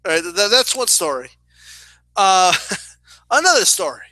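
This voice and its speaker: A young man telling a story in a casual, animated way, swearing and often asking "right?". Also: high-pitched, normal speed, no room sound. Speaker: boxing and wrestling commentator.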